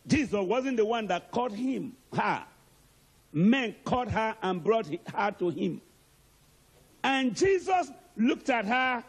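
A male preacher delivers an emphatic sermon and calls out to the congregation for answers. His voice is high and husky, and it swings widely in pitch. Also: big pitch swings, slow. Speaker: archbishop, preacher.

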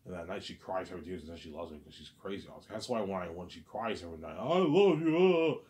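A man's voice: low-pitched, fairly even intonation, rapid-fire. A man delivering a rambling, agitated vlog monologue, stammering and repeating himself. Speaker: vlogger.

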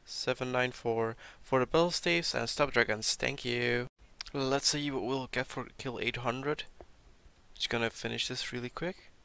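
Sick young man with a gravelly voice. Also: mid-range voice, a little slow. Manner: excitable, swears when surprised, reads out loot drops. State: sick, sounding a bit off. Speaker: gaming video creator. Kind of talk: casual game commentary over gameplay.

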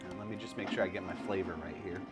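A man playing a tabletop game, describing his character's actions in a relaxed, deliberate way. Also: low voice, over music. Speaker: player. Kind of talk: casual tabletop play.

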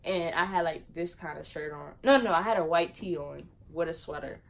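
Lively young woman telling a storytime. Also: normal speed, creaky, poor audio. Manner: animated, swings loud and high into laughter and mock voices; casual slangy storytelling. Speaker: vlogger. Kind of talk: casual storytime.

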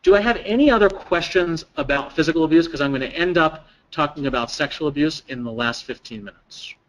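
A man's voice: a little high, a little fast, fairly bright tone, rough recording. A man giving an interactive training lecture to a live audience, putting questions to the room and repeating people's answers. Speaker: presenter at a staff training.

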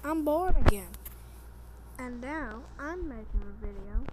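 A woman's voice: on the high side, animated, unhurried. A woman vlogging into her phone camera in a goofy, self-mocking, rambling way. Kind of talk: casual rambling vlog. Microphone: phone camera held close. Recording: loud humming background noise.

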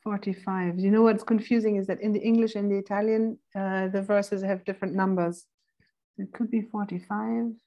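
A woman instructor giving a philosophy seminar lecture, thoughtful and pausing now and then to look up verse numbers. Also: medium pitch, fairly even intonation, muffled recording. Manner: reads quoted passages slowly and deliberately.

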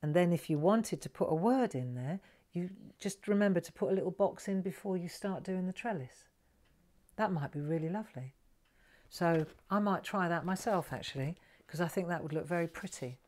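Gentle, soothing woman teaching crafts. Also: on the low side, animated, normal speed. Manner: gentle, soothing, chatty, coaxing viewers by name. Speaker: craft tutor hosting a live stream. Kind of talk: live craft demonstration.

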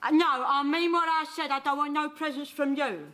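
A woman's voice: high-pitched, steady tone, a little fast, a bit bright. A woman playing a two-faced old grandmother with a London Cockney accent, sweet to people's faces and swearing behind their backs. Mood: guilt-tripping. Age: older. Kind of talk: sitcom sketch acting.

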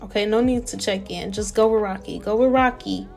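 A young woman giving casual, animated let's-play commentary and talking straight to her viewers. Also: mid-range voice, brisk, vocal fry, soft background music. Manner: chatty, animated, talks to viewers as y'all. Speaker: gameplay narrator.

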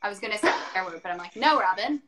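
A woman's voice: medium pitch, steady tone, very fast, bright, forceful tone, slight background noise. A woman hosting a casual video chat, rambling and giggly as she talks. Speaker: host.

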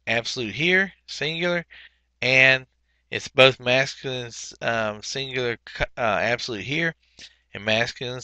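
Slow, bright-voiced male Hebrew teacher. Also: medium pitch, dry recording. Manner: methodical, pauses often with fillers while explaining. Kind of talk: recorded workbook walkthrough lesson.

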